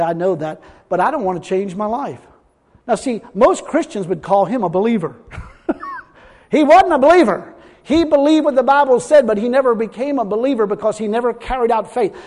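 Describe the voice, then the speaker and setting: A man with a high, darkish voice preaches forcefully, reading scripture aloud and dramatizing people's words. The recording carries long hall reverb.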